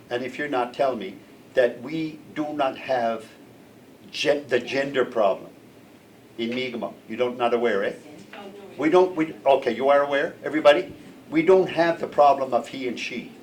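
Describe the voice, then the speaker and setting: Students sit in a classroom while an older male language teacher, medium in pitch, patiently checks in with them during the lesson. A distant mic picks him up along with faint room noise.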